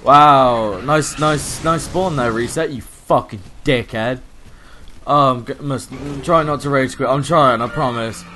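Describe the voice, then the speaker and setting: A man's voice: medium pitch, measured pace, bright, forceful tone, slight background noise. A man commentating a racing game, cursing and venting his frustration in outbursts. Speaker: let's play gamer. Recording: faint game music behind.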